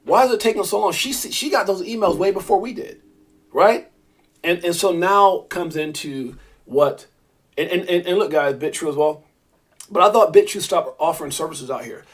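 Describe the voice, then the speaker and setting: A middle-aged man hosting a crypto live stream, talking in a rambling, animated way and answering viewers in the chat by name. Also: high voice, normal speed. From Brownsville, Brooklyn, New York. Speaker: crypto livestream host.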